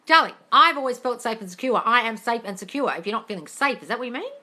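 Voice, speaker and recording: A woman's voice: on the high side, animated, quick pace, bright, forceful tone. A woman hosting a casual live-stream Q&A, reading viewer questions and answering them bluntly with plenty of swearing.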